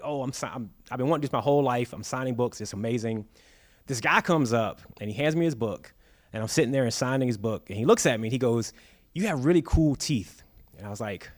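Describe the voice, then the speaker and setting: Author guy on a bookstore stage, lively storyteller, does the voices of people in his stories. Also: medium pitch. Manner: lively storyteller, acts out quoted dialogue. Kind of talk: storytelling at a live book talk. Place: bookstore stage before an audience.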